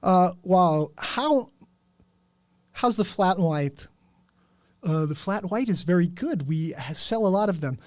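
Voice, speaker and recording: A fussy, eccentric older man, as a man puts him on orders coffee with strange pauses and slow, halting phrasing. The voice is pitched a bit higher than usual and sounds close and dry. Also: lively intonation, a little mellow, no echo. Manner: halting, oddly paced delivery.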